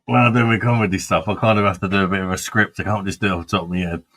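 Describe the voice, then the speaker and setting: A man's voice: low-pitched, steady tone, racing, a bit bright. A man hosting a casual beer review, blunt and sweary, and he laughs often. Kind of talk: casual chat.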